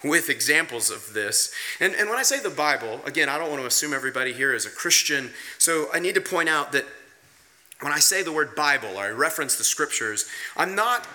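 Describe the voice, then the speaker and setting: A pastor preaching a sermon in a conversational, emphatic way, asking rhetorical questions and swinging his pace and pitch for emphasis. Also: lively intonation, a little fast, pushed and bright.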